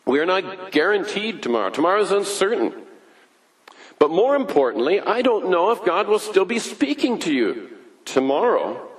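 A man preaching a sermon, building points through repetition, his voice rising high and then dropping low and quiet. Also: big pitch swings. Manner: deliberate, repetitive preaching with wide swings in pitch and loudness. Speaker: pastor.

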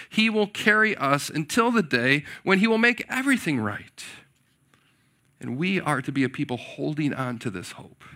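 A man's voice: medium pitch, pushed and bright. A man preaching a sermon, earnest and repeating key words for emphasis. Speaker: pastor.

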